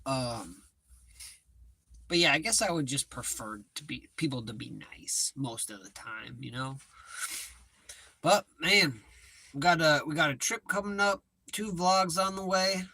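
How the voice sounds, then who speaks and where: A man's voice: on the high side, measured pace, creaky, pauses often, pushed and bright, dry recording. A man chatting casually and profanely on a livestream, rambling and joking at his own expense. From United States. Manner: rambling, profane, self-mocking. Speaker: livestream host. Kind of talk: casual live chat.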